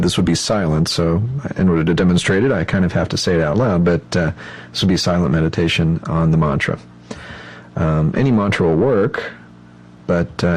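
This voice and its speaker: A man giving a measured instructional lecture on meditation practice, explaining step by step with frequent ums and uhs. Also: sits low, a little mellow, poor audio.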